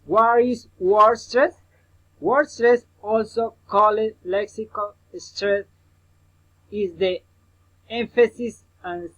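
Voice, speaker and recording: A man teaching a recorded English pronunciation lesson, drilling example words slowly and repeatedly and addressing the listener as his student. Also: high-pitched, a bit bright, low-quality recording.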